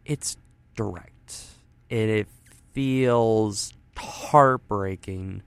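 A radio host drawls his words in a fairly low, smooth voice with vocal fry, with no echo around him. Using a studio mic and headphones in the studio, he talks casually on air, rambling, self-deprecating, and heavy on fillers.

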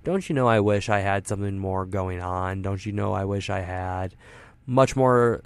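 A man voicing a weary, solemn male rat who pities himself, in a low, rueful tone. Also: moderate pace, smooth, no echo. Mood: glum.

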